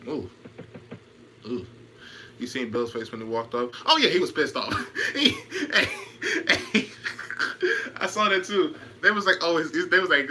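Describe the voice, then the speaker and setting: A man's voice: fairly high pitch, sing-song, moderate pace, pauses often, bright, forceful tone, a little hiss or hum. A man in casual chat on a stream, trash-talking, laughing and repeating himself while answering comments.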